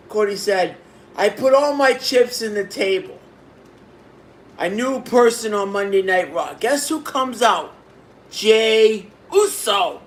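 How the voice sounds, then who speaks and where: A man giving a casual video review of a wrestling show, excitable, repeating himself and bursting into exclamations. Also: high voice, slight background noise.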